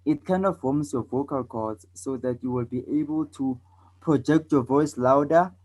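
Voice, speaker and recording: A man's voice: medium pitch, rough recording. A man from South Africa teaching a debate lesson, repeating points and checking in often with "okay?" and "all right". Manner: demonstrates loud and soft, fast and slow speech.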